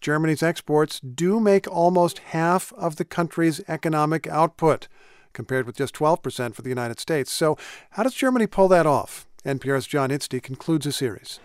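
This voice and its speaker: A man's voice: fairly high pitch, normal speed, clean tone. A male radio news anchor reading a scripted introduction.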